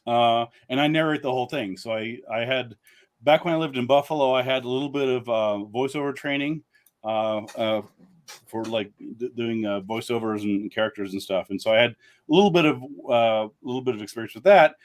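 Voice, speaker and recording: A man's voice: medium pitch, brisk. Rambling man with many fillers. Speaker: guest author. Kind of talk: casual live-stream chat.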